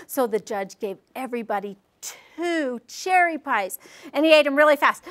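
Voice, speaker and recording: A woman presenting a storytelling workshop, telling a story with animated, theatrical delivery. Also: high voice, normal speed. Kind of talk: live workshop talk and storytelling.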